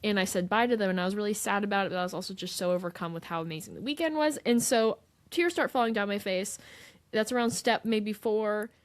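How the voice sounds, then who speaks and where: A woman's voice: mid-range voice, quick pace. A young woman, co-hosting a podcast and telling an emotional story in casual chat. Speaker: podcast co-host.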